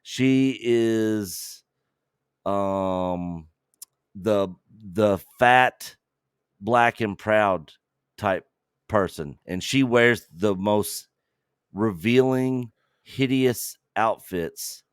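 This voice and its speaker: A man co-hosting a casual review chat, slow and hesitant with many fillers. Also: lowish voice, clear, resonant tone, no echo, studio quality. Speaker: co-host of a TV review show.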